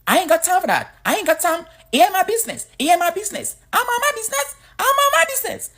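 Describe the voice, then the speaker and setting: A woman voicing a sassy, brash American woman friend who talks fast and dismissively. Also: extremely high pitch, big pitch swings, pushed and bright, voice pushed up, full character voice.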